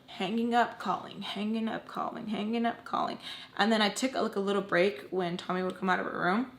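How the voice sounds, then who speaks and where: This is a young woman in her twenties recounting an emotional personal story to her audience. Her delivery is animated and emphatic, hammering points home with repeated "okay?". The room gives her voice a noticeable echo. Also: mid-range voice, fairly quick. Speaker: storytime vlogger. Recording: roomy echo.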